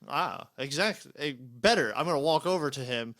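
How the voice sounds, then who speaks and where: A man's voice: medium pitch, animated, brisk, a bit bright, no echo, studio quality. A man playing in a tabletop role-play game, talking casually and swearing freely. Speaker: player.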